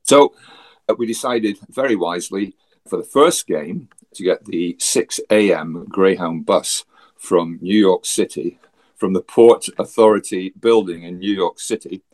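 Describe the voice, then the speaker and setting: Scottish man, very deep voice, husky, chatty storytelling with wry asides. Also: a little slow. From Scotland. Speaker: guest. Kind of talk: casual storytelling.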